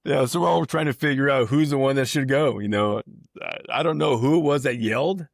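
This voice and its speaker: A middle-aged man, a baseball coach, telling an animated story as a podcast guest and jumping into squeaky voices for the people in it. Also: a little fast, vocal fry, dry recording, clean studio sound. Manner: animated anecdote teller, voices others with high squeals. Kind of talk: casual storytelling.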